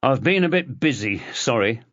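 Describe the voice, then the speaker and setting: A man's voice: mid-range voice, lively intonation, normal speed, a bit bright, no echo, highs cut off, close to an everyday voice. A man voicing a weary, stubborn male police detective who speaks tersely and dryly.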